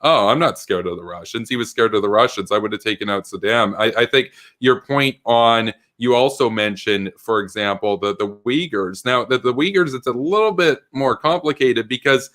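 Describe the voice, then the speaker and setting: A man's voice: mid-range voice, moderate pace, few pauses, fairly bright tone. A man hosting an online political debate, arguing emphatically and often stuttering as he restarts sentences.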